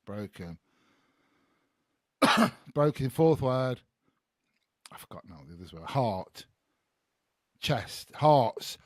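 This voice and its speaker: Animated man guessing words aloud. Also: medium pitch, takes it slowly, long pauses, no room sound, studio quality. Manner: animated, laughing, thinking aloud. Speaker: podcast host. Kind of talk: playing a guessing game with guests.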